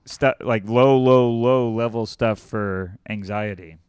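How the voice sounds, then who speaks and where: A man's voice: fairly low pitch, takes it slowly, darkish tone, smooth, no room sound. A man chatting casually over a remote call, easygoing, making puns and laughing along. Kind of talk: casual chat.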